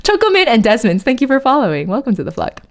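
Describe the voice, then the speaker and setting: A woman's voice: a little high, huge pitch swings, fast talker. A woman streamer reading a poem aloud in a put-on British accent, stumbling over words and chatting with viewers. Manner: chats with viewers between verses.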